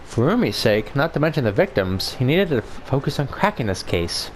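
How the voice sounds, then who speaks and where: A man's voice: mid-range voice, very animated, brisk, slight background noise. A man reading a game's story aloud, narrating with chatty asides. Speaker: game narrator.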